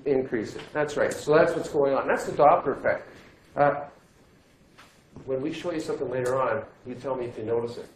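A male physics teacher giving a classroom lecture, lively and joking as he quizzes his students. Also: mid-range voice, fairly quick. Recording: echoey classroom, faint noise.

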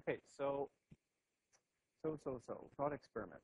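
A man's voice: medium pitch, expressive, normal speed, darkish tone, slightly rough, dry recording, poor audio. A man giving a classroom physics lecture at a board, thinking aloud with frequent restarts and "okay"s.

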